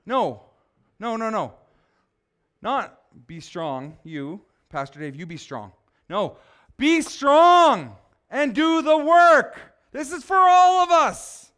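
A male pastor preaching a sermon, swinging from quiet asides to loud, emphatic exhortation. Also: very high-pitched, lively intonation, slow pace, clear, resonant tone.

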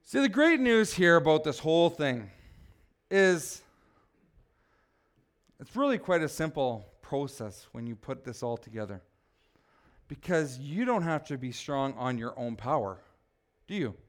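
A male pastor preaching a sermon, swinging from quiet asides to loud, emphatic exhortation. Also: fairly high pitch, sing-song, a little slow, pauses often.

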